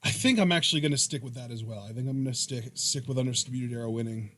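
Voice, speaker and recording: A man's voice: mid-range voice, quick pace, a bit bright. A young man hosting a podcast in casual chat, rambling through long questions. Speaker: podcast host.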